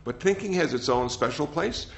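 An older man, a meditation teacher, giving a gentle, rambling dharma talk that often repeats words. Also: fairly high pitch, animated, moderate pace. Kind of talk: dharma talk with audience questions. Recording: slightly dull sound, faint noise.

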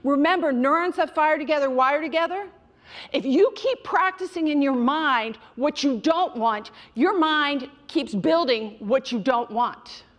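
A woman's voice: sits high, measured pace. A middle-aged woman giving a direct, emphatic motivational talk on mindfulness to an audience she calls you guys. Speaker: mindfulness speaker.

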